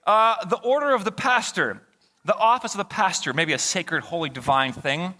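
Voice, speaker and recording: A male pastor with a high-pitched voice and a moderate pace preaches in a church sanctuary, heard in a large hall. His sermon is animated and conversational, and he jokes and trades back-and-forth with his congregation.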